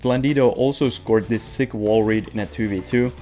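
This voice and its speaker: A man's voice: medium pitch, moderate pace, dark tone, faint music behind. Playful young man hosting game news. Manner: playful, jokey, self-mocking. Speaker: host of a game news show. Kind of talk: casual gaming news roundup. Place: away from home. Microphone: webcam.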